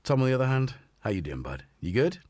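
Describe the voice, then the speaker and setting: A man's voice: mid-range voice, very animated, quick pace, darkish tone, dry recording. A man hosting a live synth stream in casual chat, rambling and self-deprecating, tired and a little sore-throated. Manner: rambling, self-deprecating, playful asides to his cats.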